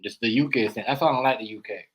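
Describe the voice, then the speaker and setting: A man hosting a live stream, rambling through casual reaction commentary and swinging between loud outbursts and quiet asides. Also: mid-range voice, very fast, husky, rough recording. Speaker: stream host. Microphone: live stream setup.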